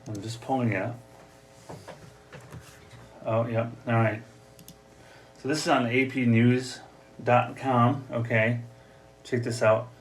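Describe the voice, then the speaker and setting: A man's voice: mid-range voice, fairly even intonation, takes it slowly, pauses often. Chatty Upper Midwest man, podcast host. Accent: Upper Midwest American. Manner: chatty, jokey, acts out voices for gags. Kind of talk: casual solo podcast chat. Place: home office. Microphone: desk mic, also streaming live.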